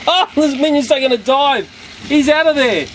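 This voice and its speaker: A man's voice: very high voice, moderate pace, background noise. A middle-aged man reviewing a toy on camera in a casual, chatty way, talking to his viewers and coaxing the toy along with frequent chuckles. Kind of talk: casual hands-on toy demonstration.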